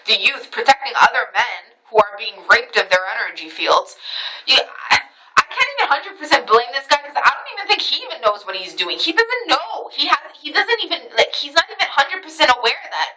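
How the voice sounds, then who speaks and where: A woman's voice: a little high, rough recording. A woman vlogger telling a story in a casual monologue, emphatic and full of retold dialogue. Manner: emphatic, retells conversations with quoted dialogue.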